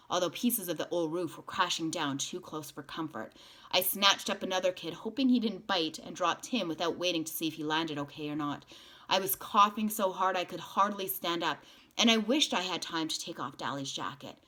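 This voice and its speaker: A woman reads a novel aloud to a group of students. Her voice sits on the low side, and her narration stays quiet and steady.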